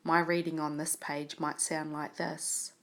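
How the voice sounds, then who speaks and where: A woman teaching a reading lesson, speaking clearly and patiently as she models reading a story aloud. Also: low voice, flat delivery, unhurried. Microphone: tablet microphone.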